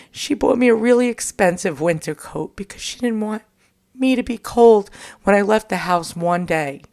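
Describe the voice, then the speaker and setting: A woman in her forties speaks in a low voice, sharing a personal story in a candid vlog monologue. Her delivery is halting and emotional, broken by pauses and fillers. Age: 40s.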